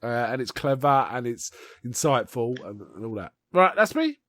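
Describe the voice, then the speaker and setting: A man's voice: mid-range voice, sing-song, moderate pace, a bit bright. A man co-hosting a podcast, chatting casually and rambling through his explanations with a laugh here and there. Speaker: podcast co-host. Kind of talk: casual chat.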